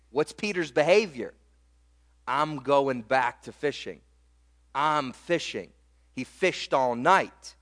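Animated high-voiced male preacher. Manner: preaching with emphatic swells and quick asides; repeats rhetorical questions to the congregation. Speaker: pastor. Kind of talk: sermon.

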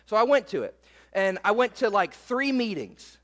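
A man preaching a sermon as pastor, emphatic, slowing down to read scripture aloud. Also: high voice, big pitch swings, long reverb tail.

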